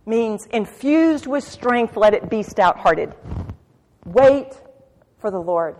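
A middle-aged woman preaching to women, moving from soft confiding asides to urgent exhortation. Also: a little high, expressive, takes it slowly. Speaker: women's Bible teacher. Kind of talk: sermon. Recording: long hall reverb.

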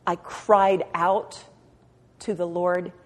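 A woman's voice: on the low side, little pitch movement, very slow. Impassioned woman preacher in a reverberant hall. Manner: impassioned, swinging from soft to loud; repeats phrases for emphasis. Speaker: preacher at a women's meeting. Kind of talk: sermon.

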